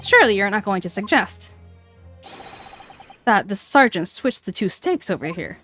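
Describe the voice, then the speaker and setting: A woman's voice: mid-range voice, big pitch swings, normal speed, a bit bright, faint music behind. A woman streamer reading visual novel dialogue aloud, voicing the characters and stumbling over names.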